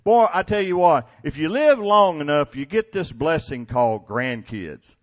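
Older man, pastor, folksy sermon storyteller, somewhat high voice, muffled lo-fi church recording. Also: animated, normal speed. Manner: folksy storytelling with laughs and stammered restarts. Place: church before a congregation.

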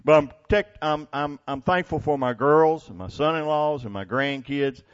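Older man, pastor, folksy sermon storyteller, somewhat high voice, muffled lo-fi church recording. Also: normal speed. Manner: folksy storytelling with laughs and stammered restarts. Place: church before a congregation.

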